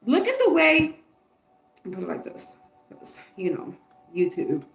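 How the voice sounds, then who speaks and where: A woman's voice: sits high, huge pitch swings, unhurried, creaky, echoey room, faint music behind, rough recording. A woman giving a casual tarot card reading, chatty and candid, swearing and laughing often. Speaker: tarot reader.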